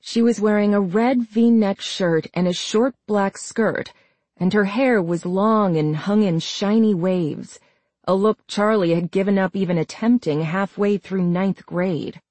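A woman narrating a horror novel as an audiobook, reading in a slow, measured way. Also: mid-range voice, darkish tone, no room sound. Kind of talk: scripted narration.

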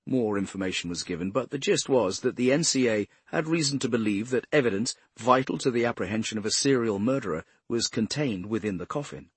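A man reads a crime novel aloud in a steady, measured way. His voice is husky and sits at a middle pitch. The recording is close and dry, with no room sound. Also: dry recording. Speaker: audiobook narrator. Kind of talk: scripted narration.

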